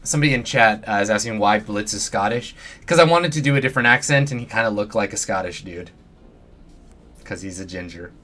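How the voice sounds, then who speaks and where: A man's voice: lowish voice, fairly quick, pushed and bright, slight background noise. A man hosting a live let's play, reading game narration aloud in a playful manner.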